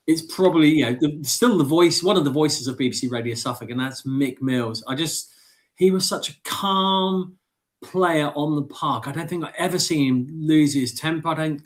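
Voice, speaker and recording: Enthusiastic man in his fifties. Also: fairly high pitch. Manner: enthusiastic, reminiscing, frequent "you know" fillers. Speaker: podcast co-host. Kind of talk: casual football chat.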